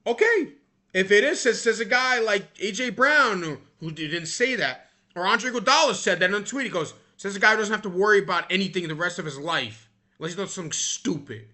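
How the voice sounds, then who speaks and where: A young man with a high, bright voice rants about sports. His pitch swings widely as he talks in a heated, exasperated way and often restarts his sentences. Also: lively intonation, fairly quick. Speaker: sports commentator. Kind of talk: casual opinion rant.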